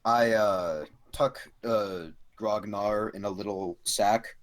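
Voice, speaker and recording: A man's voice: lowish voice, steady tone, takes it slowly. A young man playing a tabletop game, hamming up his character in a playful way. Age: young adult. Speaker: player. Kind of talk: casual tabletop role-play.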